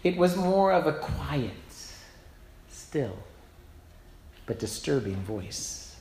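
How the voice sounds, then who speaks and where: Male pastor, conversational sermon, slightly high voice, echoey church room with faint hiss. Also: very animated, takes it slowly, darkish tone. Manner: conversational storytelling, personal and self-deprecating. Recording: roomy echo, faint background noise.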